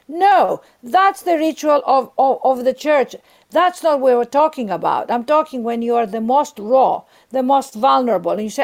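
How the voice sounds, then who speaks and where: A woman's voice: sits high, animated, normal speed, vocal fry, darkish tone. A woman guest on a podcast, earnestly giving spiritual advice and encouragement, often repeating herself.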